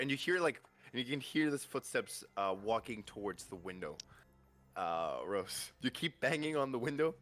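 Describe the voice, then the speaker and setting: A man narrating a tabletop game as game master, halting with many restarts and fillers. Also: mid-range voice, lively intonation, fairly bright tone, soft background music.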